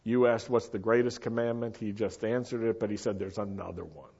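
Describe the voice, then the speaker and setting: An American man preaching a sermon, earnest and emphatic, slowing down to stress his key points. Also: on the low side, steady tone, gravelly, a little mellow, slightly rough, dull audio.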